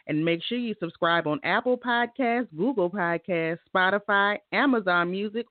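A woman's voice: fairly low pitch, no echo. A woman hosting a podcast interview. She reads a scripted intro and then asks friendly questions. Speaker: podcast host. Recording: dry, phone-like sound.

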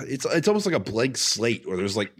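A man co-hosting a podcast, chatting casually over a movie in a crude, meandering, halting way. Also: mid-range voice, very animated, slightly rough. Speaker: podcast co-host.

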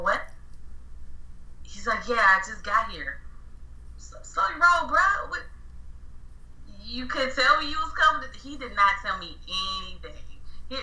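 Woman, casual storytelling, animated, very bright voice, roomy echo. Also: medium pitch, recorded from a distance. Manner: animated, self-correcting, acts out dialogue. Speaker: guest storyteller.

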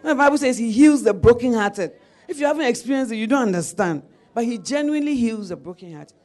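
A woman's voice: fairly high pitch, lively intonation, quick pace, darkish tone. A middle-aged woman preacher delivering a sermon, telling a personal story with laughter and calls of amen.

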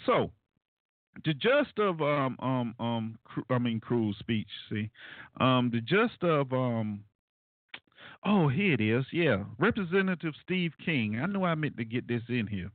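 फ़ोन लाइन पर बोलता जीवंत अमेरिकी पुरुष होस्ट. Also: male voice, medium pitch, unhurried, dry recording. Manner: animated, conversational, frequent fillers and asides to listeners. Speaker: radio talk show host. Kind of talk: call-in radio talk, solo commentary. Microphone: phone line. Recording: tinny phone-line radio, dry.

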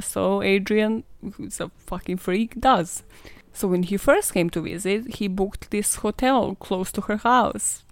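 A woman's voice: medium pitch, measured pace, no room sound. A woman hosting a podcast, telling a true-crime story in a casual, sarcastic way, swearing and laughing often. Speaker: podcast host.

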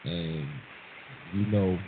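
A man speaking as a guest on a radio talk show, laid-back and relaxed. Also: deep voice, very slow. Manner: laid-back, hyping up the host. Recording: tinny phone-line sound, hiss.

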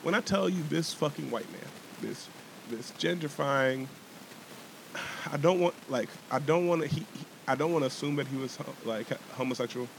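A man's voice: fairly high pitch, moderate pace, vocal fry, a little hiss or hum. A young man co-hosting a podcast, telling a heated story in casual chat, swearing and restarting his sentences often. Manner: animated, swearing, many restarts and repeated words.

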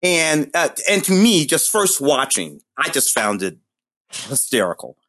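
Man, forties, film chat co-host, animated pitch, halting delivery, dry studio sound. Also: slightly rough, dry recording. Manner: halting, many restarts, laughing asides. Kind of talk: casual movie review chat.

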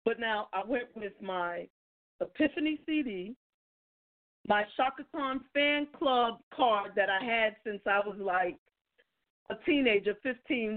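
A woman co-hosting a talk show, telling a story in a casual, animated, self-mocking way and laughing often. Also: mid-range voice, phone-quality sound. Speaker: co-host.

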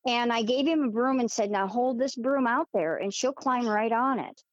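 Woman guest, fairly high voice, animated anecdote full of ums and restarts. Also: moderate pace, no room sound. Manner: animated, laughs often, many fillers and restarts. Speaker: guest telling a personal story. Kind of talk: casual storytelling. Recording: dull lo-fi dry recording.

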